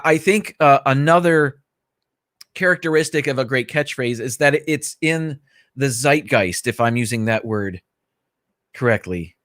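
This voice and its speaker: A man's voice: mid-range voice, fairly bright tone, dry recording. A man hosting a casual livestream from a small home studio, chatting in a rambling, easygoing way and greeting viewers by name. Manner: easygoing, self-correcting asides. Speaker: livestream host.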